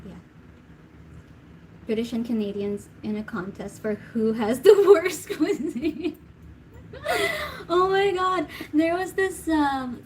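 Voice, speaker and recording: A woman's voice: fairly high pitch, a little mellow, a little hiss or hum, rough recording. A woman hosting a live tarot Q&A stream, chatting casually, laughing often and reading viewer comments aloud. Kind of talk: casual livestream chat.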